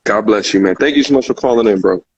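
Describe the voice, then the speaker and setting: A man's voice: lowish voice, quick pace, dull audio, a crowd in the background. A man hosting a live call-in talk show, speaking casually and heartfelt, repeating phrases with many fillers. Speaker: show host.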